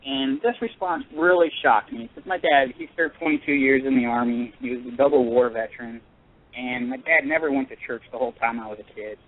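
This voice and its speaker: A male caller tells a personal story on a radio call-in show, earnest and halting, full of pauses and restarts. His voice sits in an ordinary middle pitch. It comes through a narrow, tinny phone line. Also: lively intonation.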